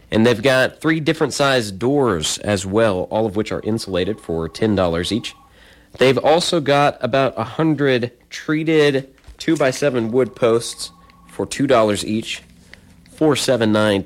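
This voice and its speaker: A man hosting a casual call-in radio show, loose and self-deprecating, yawning and stumbling over his words. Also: medium pitch. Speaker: radio host. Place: small-town radio studio.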